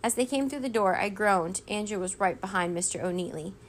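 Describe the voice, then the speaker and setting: A woman's voice: medium pitch, brisk, slight background noise. Woman reading a storybook aloud. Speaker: reader.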